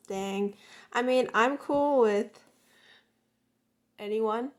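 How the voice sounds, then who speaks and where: A woman with a high voice narrates an unboxing in a loose, casual way. She is gushing and excitable, prone to gasps and squeals. Now and then she drops to a hushed whisper. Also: a little slow. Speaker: unboxing vlogger.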